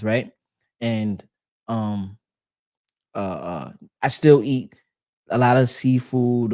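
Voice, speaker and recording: A man's voice: lowish voice, darkish tone. A man hosting a podcast in a loose, slangy casual chat, often restarting his sentences. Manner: loose slangy talk with many restarts and fillers. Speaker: podcast host reading live chat.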